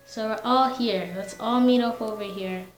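A woman's voice: a little high, steady tone, moderate pace, reverberant, poor audio. A woman giving casual commentary on a life-simulation game, rambling and slangy as she talks to herself and her viewers. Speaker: gamer.

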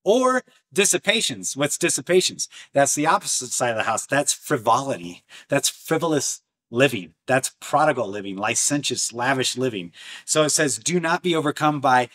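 Guy preaching a fired-up sermon, mid-pitched voice, hammering repeated lines, loud then low. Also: moderate pace. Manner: animated and emphatic, swinging from loud bursts to low intensity; repetitive, rhetorical, martial imagery. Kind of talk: impassioned sermon.

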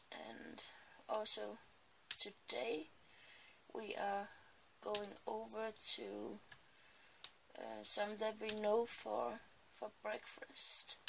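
A woman's voice: medium pitch, creaky, noisy background. A woman chatting casually and sleepily while crafting in her small home craft room, rambling with apologetic asides. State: sleepy, early morning. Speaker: crafting vlogger.

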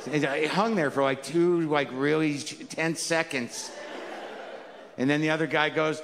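A man's voice: a little high, a little slow, long pauses, in a large hall, over a noisy crowd, heavy background noise. A man performing a stand-up comedy set, talking conversationally and ranting in mock exasperation.

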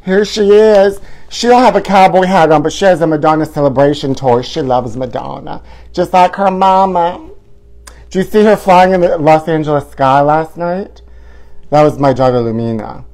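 High-voiced flamboyant man hosting a camp show. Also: darkish tone. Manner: flamboyant, exclamatory, playing a mock-country cowboy host. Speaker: host. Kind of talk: campy live tabloid chat show.

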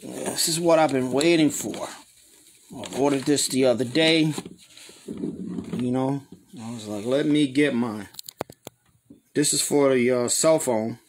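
A man hosting a pigeon show live stream, chatting excitedly with viewers and greeting them by name. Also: mid-range voice, slow pace, pauses often, slight background noise.

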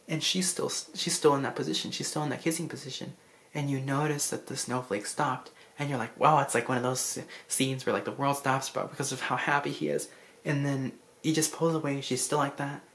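In a mid-range voice, a vlogger casually recaps a film, effusive and rambling, with plenty of restarts and asides. The story has clearly moved her or him, and the emotion shows.

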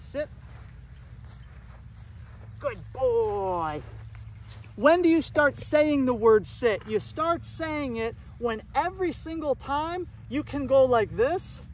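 Very high-voiced upbeat male dog trainer. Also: lively intonation, a little slow, few pauses. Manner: upbeat, coaching, praises the dog. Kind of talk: casual training tutorial.

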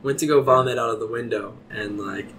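A man's voice: medium pitch, brisk, a bit bright, a little hiss or hum. A man in his thirties, a podcast host telling a rambling drinking anecdote with lots of swearing and fillers. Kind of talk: casual storytelling.

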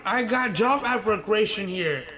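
A man doing a young job applicant who stumbles through broken English, his voice pitched high and swinging widely. He speaks slowly and apologetically, with a crowd murmuring behind him. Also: lively intonation, heavily acted. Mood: halting.

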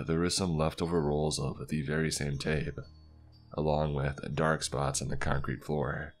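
A man with an extremely deep, low voice reads a scripted horror story. His delivery is slow, deliberate and somber, with quiet music playing faintly behind him. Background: faint background music.

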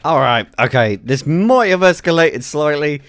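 A man commentating his own gameplay, excited, giggling often and exclaiming at explosions. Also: a little high, moderate pace. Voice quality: giggly, frequent laughter and exclamations. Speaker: gaming YouTuber.

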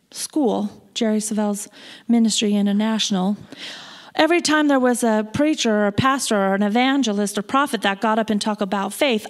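High-voiced woman preaching a sermon. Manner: animated, swings from loud proclaiming to hushed asides. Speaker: guest preacher. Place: church sanctuary.

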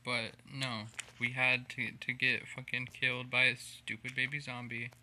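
A man's voice: mid-range voice, flat delivery, moderate pace, sharp tone, slight background noise, poor audio. A man giving casual gameplay commentary, irritated, cursing and rambling as he plays. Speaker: gamer playing a survival game.

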